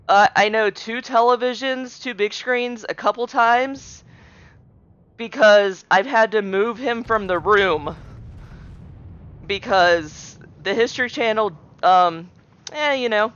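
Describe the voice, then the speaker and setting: A woman, a streamer's wife, telling an anecdote in a lively, casual way. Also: mid-range voice, no room sound. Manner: animated storyteller, lively quoting. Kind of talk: casual storytelling. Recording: dry, dull lo-fi mic.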